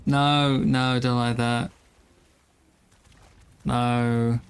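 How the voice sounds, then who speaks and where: A tired man in his thirties rambles through a live game stream, tossing self-deprecating asides to his chat. His voice sits at an ordinary middle pitch for a man, relaxed and unpolished. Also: extremely slow, clear, resonant tone. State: tired, yawning. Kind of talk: casual live-stream chat while gaming.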